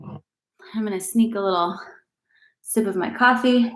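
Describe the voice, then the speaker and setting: Recorded from a distance in an echoey room, a young woman teaches a live-streamed yoga class as its fitness instructor. Slightly out of breath, she encourages everyone and cues each move while exercising, in an unhurried, mid-range voice.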